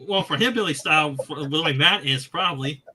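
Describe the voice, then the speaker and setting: A young man on a group video chat, teasing the others with halting restarts. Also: fairly high pitch, over a noisy crowd. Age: young adult. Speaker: guest.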